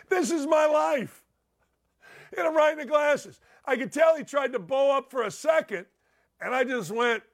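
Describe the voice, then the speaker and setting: A middle-aged man hosting a sports talk show, telling rambling, excitable stories and laughing at them. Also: very high-pitched, gravelly. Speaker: sports radio host. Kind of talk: animated storytelling monologue.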